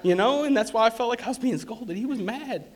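A man giving a personal testimony in church, earnest and halting, with fillers and restarts. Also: very high-pitched, expressive.

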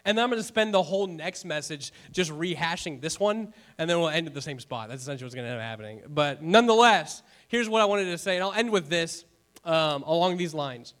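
High-voiced joking preacher. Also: male voice, a little fast. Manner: lively and conversational, with joking asides to the congregation; asks the room rhetorical questions. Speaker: pastor. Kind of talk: sermon. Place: church before a congregation.

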